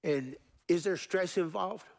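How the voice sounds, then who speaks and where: Male pastor, middle-aged, high gravelly voice, sermon with call-and-response. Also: a little slow. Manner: call-and-response preaching, varying pace and emphasis.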